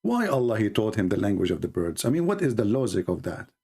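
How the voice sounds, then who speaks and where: A middle-aged man from the Middle East, hosting a live stream with a sarcastic, teasing monologue and drawn-out exclamations. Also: on the low side, big pitch swings, dark tone, breathy edge.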